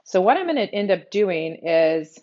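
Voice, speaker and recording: A woman's voice: on the low side, sing-song, moderate pace, mellow, muffled recording. A middle-aged woman with a Texas accent hosting a live cooking demonstration from her home kitchen, chatting casually and thinking aloud as she works. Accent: Texan. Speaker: cooking show host.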